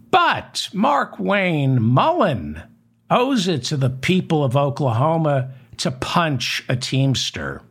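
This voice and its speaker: A man hosting a satirical news commentary, delivering a sardonic, mocking monologue with deliberate emphasis. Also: medium pitch, slightly rough.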